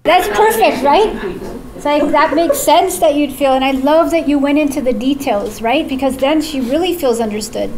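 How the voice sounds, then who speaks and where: Woman, workshop facilitator, high voice, upbeat and encouraging, echoey room. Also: moderate pace. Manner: upbeat, encouraging, with many "so" and "right?". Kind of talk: teaching a live workshop. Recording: echoey room with faint noise.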